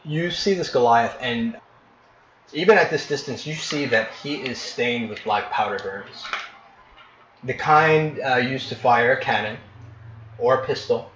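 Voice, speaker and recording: A man's voice: mid-range voice, a bit bright, slight background noise. Man narrating as game master, echoey room. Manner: vivid descriptive narration with frequent pauses and restarts. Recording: echoey, dull lo-fi room recording.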